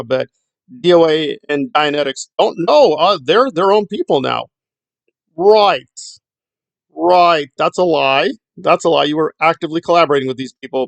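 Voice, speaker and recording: A man's voice: mid-range voice, creaky, dry recording. A middle-aged man giving blunt, sarcastic commentary in a rambling vlog. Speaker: YouTube commentator.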